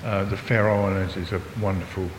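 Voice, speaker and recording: A man's voice: little pitch movement, a little fast. An Englishman in his sixties, a visiting preacher giving a chatty, joking church talk that draws in his listeners. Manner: chatty and jokey, talks to the congregation. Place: church hall. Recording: long hall reverb, faint rumble.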